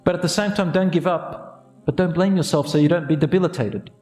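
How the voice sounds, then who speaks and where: A man's voice: fairly high pitch, fairly quick, a little mellow, echoey room, soft background music. A man giving an earnest radio sermon as an imam, exhorting his listeners and mixing Arabic phrases into his English.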